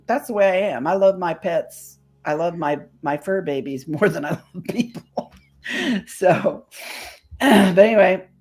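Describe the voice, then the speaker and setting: A woman's voice: lowish voice, a little mellow. A woman chatting casually on a streamed show, telling stories with some mild swearing. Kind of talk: casual chat. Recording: faint music behind.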